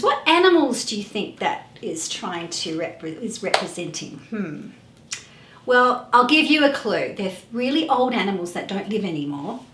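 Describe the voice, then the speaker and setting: A woman's voice: on the high side, fairly bright tone, echoey room, slight background noise. A woman hosting a children's music class, asking playful questions in a sing-song way.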